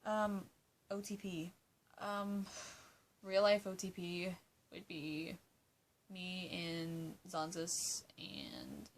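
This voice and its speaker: A woman's voice: lowish voice, slight background noise. An eighteen-year-old woman answering fan questions in a casual vlog. She chats loosely, laughs often, swears and fills her talk with "like". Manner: chatty, swears, laughs often, many "like" fillers.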